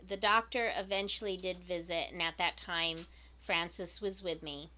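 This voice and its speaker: Slow, bright-voiced woman telling a story. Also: fairly low pitch, fairly even intonation. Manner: earnest, emotional retelling. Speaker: vlogger. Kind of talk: personal storytelling.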